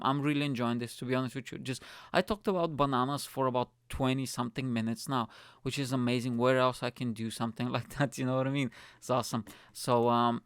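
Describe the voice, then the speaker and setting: Young comedian, gravelly and smooth, dry close sound, chatty swearing monologue, "mate" every line. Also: male voice, medium pitch, no echo. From Bulgaria. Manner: swears freely, says "mate" constantly, chatty and rambling. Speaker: comedian and podcast host. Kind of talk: casual rambling solo monologue.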